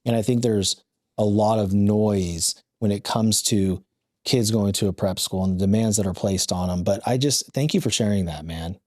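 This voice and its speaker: Mellow-voiced man hosting a podcast. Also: on the low side, dry recording, clean studio sound. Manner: reflective, halting, restarts often. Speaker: podcast host. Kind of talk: conversational podcast interview.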